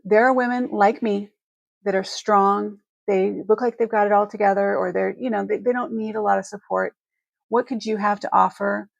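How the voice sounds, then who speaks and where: A woman hosts a live stream, talking straight to her viewers in a heartfelt, rambling way full of restarts. She sounds emotional and close to tears. Her voice is gravelly and mid-pitched, and the sound is dry and close. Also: fairly even intonation, normal speed, no room sound, lo-fi sound. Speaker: host of a live jewelry selling stream.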